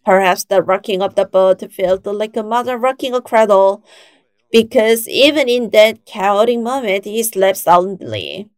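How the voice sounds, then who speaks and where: Woman preacher, forties, emphatic unhurried sermon delivery, mid pitch, dry sound. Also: expressive, a little mellow, dry recording. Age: 40s. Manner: slow, emphatic preaching with rising quoted exclamations.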